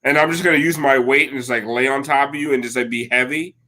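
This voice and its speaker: A podcast co-host in his thirties chats casually, rambling through stories, swearing, and leaning heavily on the filler "like." His mid-range voice is bright and forceful, with fairly even intonation, and he talks fast.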